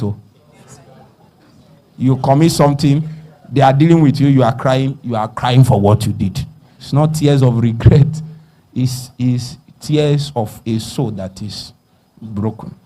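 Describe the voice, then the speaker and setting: A man with a Nigerian accent preaching a sermon, dropping to hushed murmurs and rising to loud calls, asking the congregation to finish his sentences. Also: mid-range voice. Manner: call-and-response questions to the congregation.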